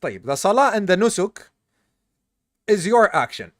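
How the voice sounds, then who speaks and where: In a live class session, a weary man teaching Islamic studies walks his students through the material step by step, quizzing them and using Arabic terms. His high voice is sing-song at a moderate pace, recorded clean in a studio with no room sound.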